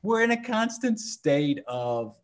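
A man's voice: high voice, sing-song, slow. A man in his thirties, a father, talking in a reflective, earnest way in a casual chat and laughing easily.

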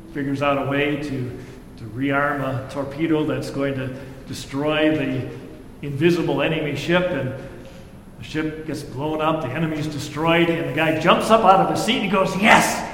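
A pastor giving a sermon, reading scripture and then preaching in a conversational way, acting out the quoted lines with feeling. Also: male voice. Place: church sanctuary. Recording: echoey hall with faint rumble.

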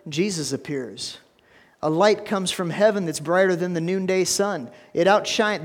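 A male pastor preaching a sermon in a church, telling stories with animated energy and stammered restarts. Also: sits high, in a large hall.

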